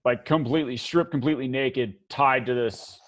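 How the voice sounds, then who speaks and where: A man serving as game master for a tabletop game narrates in a medium-pitched voice, stumbling along with plenty of fillers and false starts.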